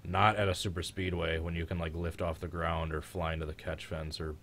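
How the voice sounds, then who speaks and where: A man's voice: low-pitched, flat delivery, a little fast, a bit bright. A man hosting a live race reaction with friends, congested and sick, his voice cracking, chatty and teasing as he rambles through old races. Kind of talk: casual live commentary with friends.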